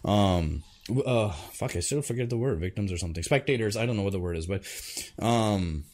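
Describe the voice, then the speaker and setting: A man's voice: lowish voice, lively intonation, fairly quick, a little mellow. A man telling a personal story to his viewers in a loose, rambling way, swearing often and full of fillers and restarts. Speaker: vlogger. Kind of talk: casual storytelling to camera.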